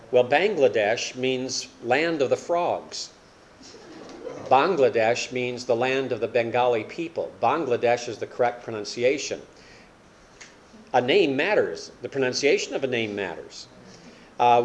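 A man's voice: mid-range voice, slight background noise. An older man preaching a sermon as a pastor, explaining with rhetorical questions and folksy self-deprecating humor.

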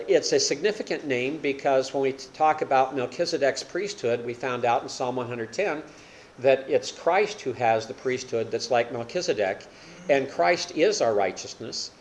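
A man's voice: medium pitch, slight background noise. An older man preaching a sermon as a pastor, explaining with rhetorical questions and folksy self-deprecating humor.

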